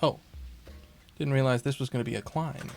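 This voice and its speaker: A man's voice: mid-range voice, fairly even intonation, moderate pace, vocal fry, a little hiss or hum. A man streaming a game, chatting casually, swearing a lot and talking to the characters on screen, with faint game music behind. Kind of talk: casual gameplay commentary.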